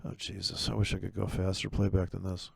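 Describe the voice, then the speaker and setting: A man who trades currencies, ranting about trading robots in a sarcastic, foul-mouthed way, with his voice leaping much higher whenever he gets worked up. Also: flat delivery, brisk, vocal fry, breathy edge, no room sound. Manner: voice jumps far higher when he gets worked up. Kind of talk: profane ranting commentary over chart playback.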